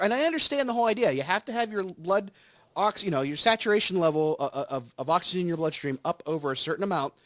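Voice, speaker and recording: A man's voice: high voice, fairly bright tone, no echo. A man hosting a game video, telling a long, rambling story in casual chat while recovering from surgery. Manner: rambling storytelling with acted quotes. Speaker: let's play host. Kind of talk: casual chat over gameplay.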